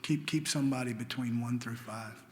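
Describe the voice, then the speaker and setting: A man's voice: medium pitch, steady tone, normal speed, a little mellow. Earnest man sharing his story. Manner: earnest and emotional, drops to a near whisper at tender moments. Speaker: AA meeting speaker. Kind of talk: personal recovery story told to a meeting. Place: church meeting hall. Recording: long hall reverb with faint ambient noise.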